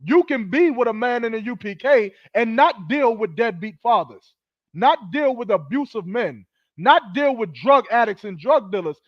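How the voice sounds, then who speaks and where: A man's voice: extremely high pitch, lively intonation, normal speed, dry recording, lo-fi sound. A man hosting a podcast, delivering heated, preachy commentary in a scolding, profane manner. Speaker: podcast host.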